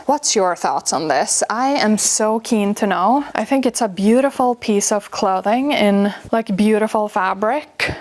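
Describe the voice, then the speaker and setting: A woman's voice: mid-range voice, measured pace, few pauses. A woman vlogger chatting casually about her winter coats, gushing with stacked superlatives. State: a bit out of breath from carrying coats. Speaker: fashion vlogger. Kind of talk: casual chat to camera.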